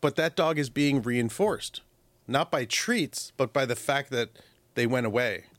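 A man's voice: mid-range voice, a little slow, a bit bright, dry recording. A man, a professional dog trainer, giving advice to a caller on a call-in radio show and acting out dog and owner voices as he explains.

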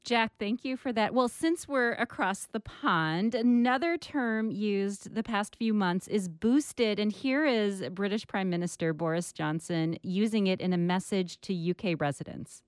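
A woman's voice: mid-range voice, a little slow, few pauses, smooth, no echo, studio quality. A woman hosting a radio interview, asking composed questions. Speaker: radio host.

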